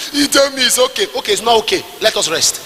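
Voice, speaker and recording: A man with a Nigerian English accent preaching a sermon at a church service, moving between quiet asides and shouted, sing-song passages. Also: very high-pitched, lively intonation, brisk, big-room sound, a little hiss or hum. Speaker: pastor.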